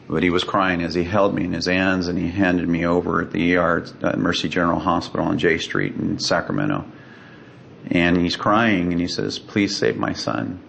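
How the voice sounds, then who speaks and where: A man with a very low, gravelly voice recounts a personal story in an earnest, dramatic way, acting out the voices of the people in it. He is a guest in a conversation, from the United States. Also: fairly bright tone, slight background noise.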